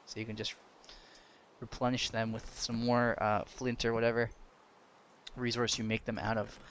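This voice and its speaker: A young man giving casual gameplay commentary, excitable, laughing and yelping when danger comes, chatting to the game's creatures. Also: mid-range voice, moderate pace, a little hiss or hum. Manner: excitable, yelps and laughs at danger, talks to game mobs. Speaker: gaming commentator.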